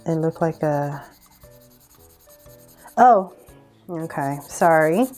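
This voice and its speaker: Drawing-tutorial host: woman, slow and lowish, chatty, laughs at her own slips, soft music under her. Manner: chatty, giggly, self-deprecating, many ums. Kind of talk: casual drawing tutorial narration.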